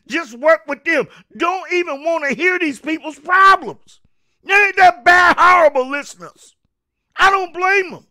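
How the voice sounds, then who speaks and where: A man ranting on his own show, voice pitched unusually high and bright. He preaches hard, stumbles over repeated words and breaks into shouts. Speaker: show host. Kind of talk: political rant monologue.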